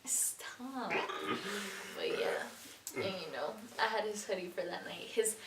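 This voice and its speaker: A woman's voice: on the low side, lively intonation, normal speed, fairly bright tone. A young woman co-hosting a couple's channel, telling their story in a casual, giggly, playful way. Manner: giggly, playful, interjects and corrects. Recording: echoey room, far from mic, faint hiss.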